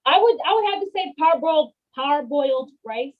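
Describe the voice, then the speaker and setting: A woman's voice: sits high, animated, moderate pace, dull audio. A woman talking casually while she cooks on a video call, chatty and slangy, often restarting her sentences. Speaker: guest cook. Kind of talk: casual cooking demo chat.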